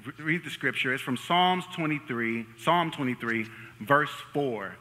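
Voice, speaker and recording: A young man preaching a sermon in a church, lively and joking as he hypes up the congregation. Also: medium pitch, unhurried. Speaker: pastor. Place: church sanctuary. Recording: long reverb of a large hall.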